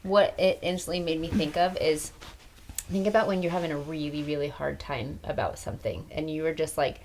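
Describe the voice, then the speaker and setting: A woman guest on a parenting podcast, explaining calmly with frequent "like" and "right". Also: low-pitched, fairly quick, a little hiss or hum. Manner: calm, explanatory, many likes and rights. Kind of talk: podcast conversation.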